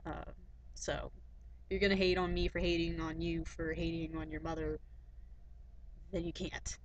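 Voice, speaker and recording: A woman's voice: sits low, little pitch movement, moderate pace, dull audio, a little hiss or hum. A teenage girl giving a casual, rambling webcam rant, chatty and full of fillers and asides. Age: teens.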